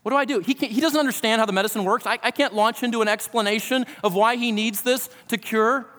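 A man's voice: very high voice, fast, a bit bright. A middle-aged pastor preaching a sermon, earnest and asking his listeners direct questions. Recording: long reverb of a large hall.

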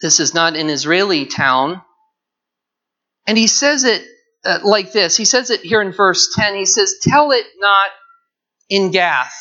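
In a dull, lo-fi recording, a man teaches a Bible lesson verse by verse, earnestly explaining the text and drawing out key words. His voice is high, pushed, and bright, and he moves at a measured pace.

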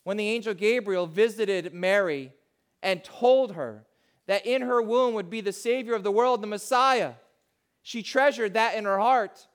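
A man with a notably high voice delivers a heartfelt sermon as a pastor. He preaches to the congregation in personal, confessional terms. His delivery sinks almost to a hush, then climbs back to full volume. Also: measured pace. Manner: heartfelt, swings from soft to loud.

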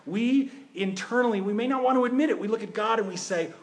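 A man with a fairly high voice delivers a sermon. He talks to the congregation conversationally and keeps posing rhetorical questions. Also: quick pace. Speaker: preacher.

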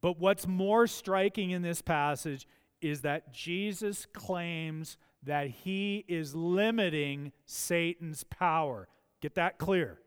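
A man preaching a sermon, emphatic and building to forceful peaks. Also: on the high side, takes it slowly, smooth. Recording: long church hall reverb.

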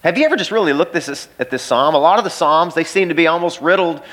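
A man's voice: fairly high pitch, animated, fast talker, a bit bright. A pastor preaching an emphatic sermon in a church, repeating key phrases and speaking straight to his listeners.

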